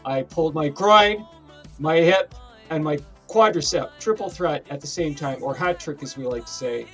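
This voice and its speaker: A Canadian man co-hosting a casual podcast, telling stories in an animated, indignant way. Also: fairly high pitch, breathy edge, faint music behind. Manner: fast, animated storytelling, indignant complaints. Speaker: podcast co-host.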